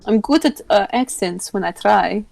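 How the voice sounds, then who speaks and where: Woman player, self-deprecating, quick to laugh, crowd murmur in the background. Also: mid-range voice, vocal fry. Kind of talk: casual chat.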